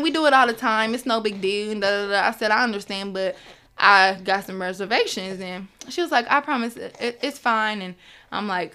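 A young woman recounts a personal story with a bright, forceful voice. She slips in and out of quoting the people involved, acting out their words as she goes. Her voice sits at an ordinary middle pitch for a woman. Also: smooth. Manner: animated, acts out others' words in quotes. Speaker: guest.

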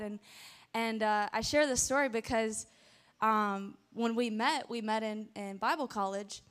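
A woman from the South, preaching to a church congregation in a chatty, animated storytelling way with many asides, speaking into a handheld microphone. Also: a little high, normal speed. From American South. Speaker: guest preacher. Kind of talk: storytelling sermon. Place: church sanctuary before a congregation.

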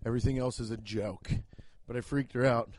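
A young man rambling through a casual, profane podcast monologue as a comedian, telling jokey stories with sudden jumps in pitch. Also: steady tone, fairly quick, darkish tone, a little hiss or hum.

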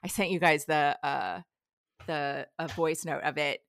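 A woman in her thirties chatting casually on a podcast, telling animated stories about her young son and acting out his lines. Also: sits low, unhurried, no echo. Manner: animated storyteller who acts out her child's lines. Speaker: podcast guest. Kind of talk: casual chat.

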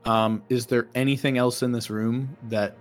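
A man's voice: mid-range voice, steady tone, normal speed. A man playing a tabletop game, talking casually and thinking aloud with hesitant fillers. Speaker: player.

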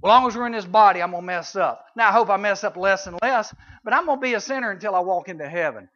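A man preaching a conversational sermon to junior high students, swinging between loud and hushed, on a dull lo-fi recording. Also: fast talker. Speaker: youth preacher.

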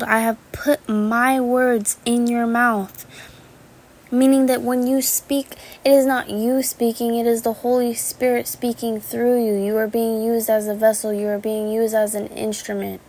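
A woman giving an earnest devotional Bible teaching, repeating phrases in a preaching cadence. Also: medium pitch.

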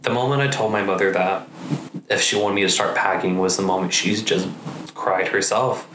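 A man in his twenties telling a personal story in a halting, emotional way, full of restarts and fillers. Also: low-pitched, steady tone. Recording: roomy echo, faint background hum.

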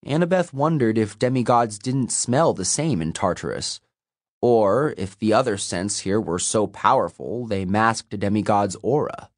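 A man narrating a fantasy novel as an audiobook, in a measured storytelling manner. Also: lowish voice, expressive, no room sound, studio quality. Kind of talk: scripted narration.

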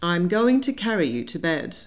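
A woman reading a wry, teasing young gentleman. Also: lowish voice, big pitch swings, normal speed. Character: dry, amused young Regency gentleman.

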